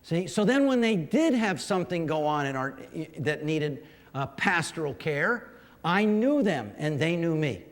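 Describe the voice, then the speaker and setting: A man's voice: on the high side, very animated, measured pace. A man, a pastor, giving a folksy, humorous talk to fellow clergy, telling stories and teasing the audience. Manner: storytelling with humorous asides to the audience. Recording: long reverb of a large hall.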